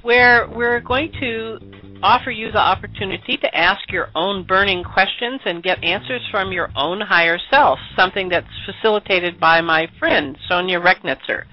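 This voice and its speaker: A woman's voice: medium pitch, no room sound, highs cut off. A woman hosting a radio talk show, upbeat and chatty, with fillers.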